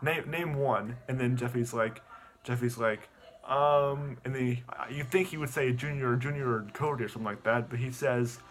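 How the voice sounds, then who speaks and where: A young man giving an animated plot recap, stammering and repeating words as he goes. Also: medium pitch, fairly quick. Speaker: online video host.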